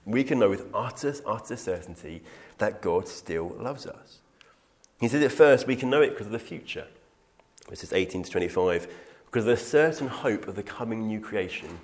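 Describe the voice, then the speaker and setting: A man's voice: on the low side, darkish tone. A man teaching through a Bible passage in an earnest, emphatic way, quoting scripture and taking questions. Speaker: preacher.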